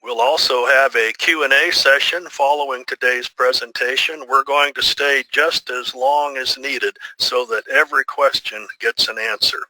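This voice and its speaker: A man hosting a webinar, reading smooth, polite announcements and introducing the speaker. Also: medium pitch, fairly even intonation, moderate pace, hardly any pauses, pushed and bright, dry recording, rough recording. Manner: smooth, polite, well-rehearsed. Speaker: webinar host. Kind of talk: scripted announcement.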